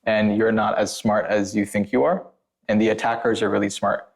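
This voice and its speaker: A man's voice: on the low side, flat delivery, normal speed, vocal fry. A man, a former penetration tester, talking as a podcast guest in a casual, rambling way, full of filler words and blunt warnings. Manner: blunt and emphatic.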